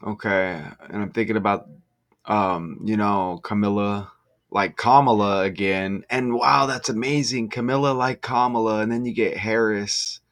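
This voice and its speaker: A man musing slowly over basketball schedules and number matches, breaking into excited exclamations. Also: lowish voice. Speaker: gematria sports commentator. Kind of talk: casual solo commentary over on-screen schedule. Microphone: desk mic.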